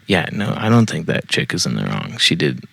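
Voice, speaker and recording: A man's voice: very deep voice, very animated, a little fast, gravelly, fairly bright tone, breathy edge, no echo. A man hosting a podcast, reading a post aloud and breaking off with blunt, profane, mocking asides. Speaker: podcast host.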